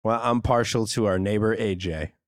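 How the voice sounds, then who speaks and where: A man's voice: on the low side, moderate pace. A man co-hosting a podcast in casual chat, laid-back and wisecracking. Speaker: podcast co-host. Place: podcast studio.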